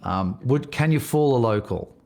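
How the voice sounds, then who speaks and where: A man's voice: mid-range voice, lively intonation, normal speed, a little mellow. A middle-aged man, speaking as a podcast guest in a thoughtful, rambling way with many restarts. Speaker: casting director and acting coach. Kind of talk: podcast interview.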